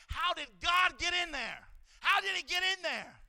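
A man preaching a fervent sermon in a church, repeating phrases and rising into shouts. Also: very high-pitched, animated, a little slow, vocal fry, no echo.

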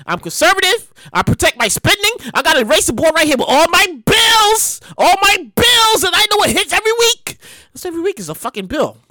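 Brief: high, bright-voiced woman host telling a profane comic story. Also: fast, no room sound, clean studio sound. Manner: animated, profane, repeats herself for effect. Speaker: show host.

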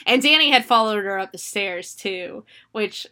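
A young woman co-hosting a casual movie review podcast, excitable and giggly, acting out characters' lines as she talks. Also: on the high side, a little slow, few pauses. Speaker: podcast co-host.

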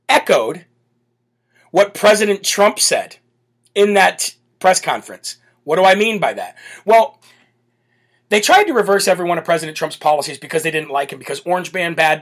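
A man's voice: sits high, a bit bright. A man hosting a political talk show, ranting in a brash, sarcastic and mocking way. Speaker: political podcast host.

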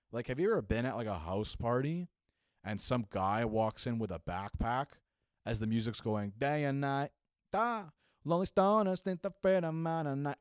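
Young male storyteller, casual and animated, acts out voices, dead-dry recording. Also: fairly low pitch, no room sound. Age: young adult. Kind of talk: comedic storytelling.

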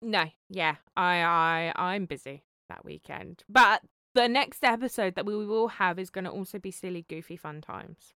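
Woman, podcast co-host, low smooth voice, rambling casual talk. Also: moderate pace, pushed and bright, no echo, studio quality. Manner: rambling, many fillers like "you know" and "like". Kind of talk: casual chat.

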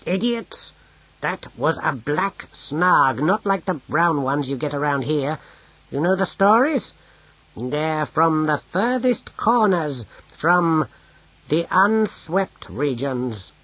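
A man voicing a learned old man in a storybook reading, urgent and lecturing in a husky voice. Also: a little high, animated, slow pace, dry recording, dull audio, pitched above the performer's own voice, exaggerated voice.

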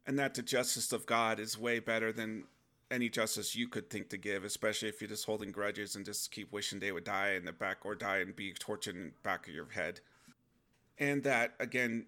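A man's voice: fairly low pitch, sharp tone. A man giving an earnest, rambling talk about faith, often restarting his sentences.

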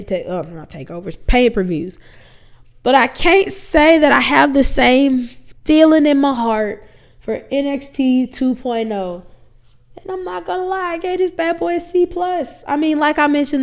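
A woman co-hosting a casual podcast, her voice hoarse and nasal from a cold, chatty and heartfelt. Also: sits high. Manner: chatty, heartfelt sign-off with sports shout-outs. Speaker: podcast co-host.

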